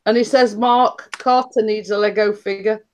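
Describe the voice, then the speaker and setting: A woman's voice: medium pitch, fairly even intonation, normal speed, darkish tone. A woman chatting casually, giggling and teasing her friends. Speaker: host. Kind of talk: casual chat.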